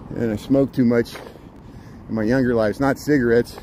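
A man's voice: medium pitch, steady tone, moderate pace, mellow. A man live-streaming a city walk, chatting casually to viewers and greeting them by name, a little out of breath from walking and talking. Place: outdoors on city streets and park paths. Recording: wind noise on the mic outdoors. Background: traffic and wind.

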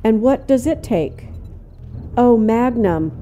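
A woman's voice: on the high side, expressive, slow, faint music behind. Older woman gaming, jumpy and cursing. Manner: jumpy, cursing, talks to the game out loud. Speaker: gamer. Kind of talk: let's play commentary.

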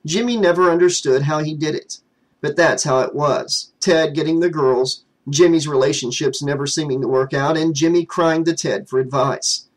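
A man's voice: fairly high pitch, moderate pace, poor audio. A man narrating a fan novel as an audiobook, reading steadily.

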